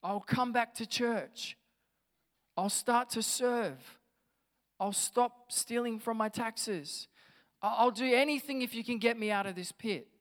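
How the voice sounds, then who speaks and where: A man's voice: high-pitched, normal speed, hardly any pauses, in a large hall, pitched above the performer's own voice, natural voice. A man voicing a desperate man stuck in a pit who cries out and pleads for help. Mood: pleading. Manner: pleading, crying out.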